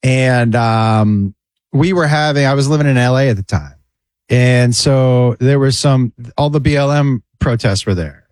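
A man telling a story in a casual radio chat, acting out other people's lines in a higher voice. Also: measured pace, a little mellow, clear, resonant tone, no room sound. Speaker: podcast co-host.

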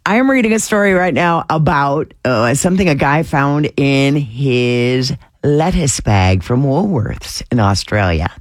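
A woman's voice: rumbling low, animated, a little slow, no room sound. Chatty woman radio DJ, dry studio sound. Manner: chatty, teasing, laughs easily. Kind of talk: casual radio chat. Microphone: studio microphone.

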